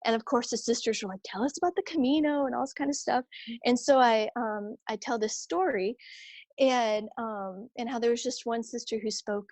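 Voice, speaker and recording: A religious sister telling a personal story in a conversation, animated and chatty, acting out what others said. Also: female voice, a little high, moderate pace, no room sound. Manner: animated, acts out quoted voices; chatty, many fillers and restarts.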